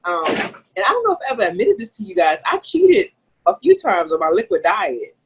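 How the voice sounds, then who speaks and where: A woman's voice: lowish voice, very animated, a little fast, background noise. A young woman co-host candidly telling a personal story, swearing freely and filling her talk with "like.". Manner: swears freely, many "like" fillers. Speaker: podcast co-host.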